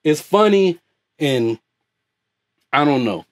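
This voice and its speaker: An American YouTube host with a high, lively voice goes on a loud, profane, off-the-cuff rant at a slow pace. He's animated, swears freely, and laughs often as he talks.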